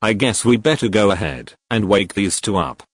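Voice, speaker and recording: Smirking, taunting young thug, low voice, dry sound, read by a man. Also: lively intonation, normal speed, husky, dry recording. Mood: sneering. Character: sneering arrogant young male gang thug.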